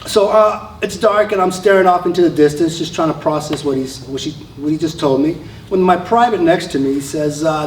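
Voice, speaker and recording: An Army veteran tells a story live on stage in a conversational way, often using fillers and restarting sentences. His voice is a little high and moves at a normal speed, with slight background noise. A distant mic gives the recording a roomy sound.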